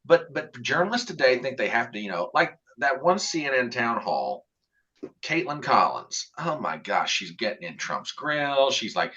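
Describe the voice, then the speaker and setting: A man's voice: mid-range voice, big pitch swings, normal speed, sharp tone. A man in casual political chat who talks emphatically and acts out quotes. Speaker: podcast guest. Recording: dull lo-fi audio.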